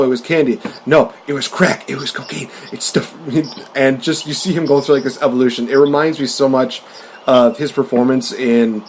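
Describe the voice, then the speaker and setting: Regular-pitched guy rambling on a podcast, lots of uhs and laughs, faint hiss behind. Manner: rambling, laughing, full of fillers. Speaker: podcast host. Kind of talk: casual chat about movies.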